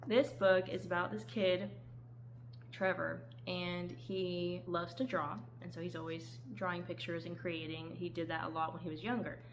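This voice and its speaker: A woman's voice: fairly low pitch, flat delivery, moderate pace, a little hiss or hum, low-quality recording. A woman chatting casually as she reviews the books she read, often laughing and acting out lines with sudden lifts in her voice. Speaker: book reviewer. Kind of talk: casual book review chat.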